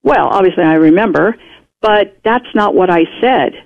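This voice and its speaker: Speaking at a moderate pace with vocal fry and a medium pitch, this radio guest chats through a personal anecdote, voicing other people's lines. It's muffled radio audio.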